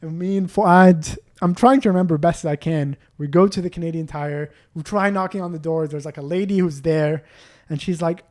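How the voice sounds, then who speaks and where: Animated young man telling a story. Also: a little high, moderate pace. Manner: animated, acts out quotes, swears. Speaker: podcast co-host. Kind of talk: casual storytelling chat.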